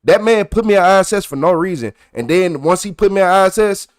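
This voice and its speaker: A young man with a high-pitched voice talks straight to his livestream chat, swearing freely. He grows loud and animated as he recounts his grievances, then drops back into an easy, casual tone. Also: fast, smooth. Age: young adult. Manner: animated, profane, gets loud and worked up while retelling. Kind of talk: casual storytelling to a live chat.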